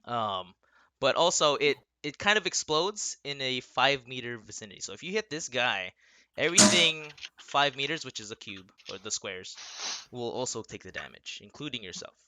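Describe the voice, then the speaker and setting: A man's voice: medium pitch, lively intonation, normal speed, pushed and bright, no room sound. A young man running a tabletop game as game master, casual and often laughing.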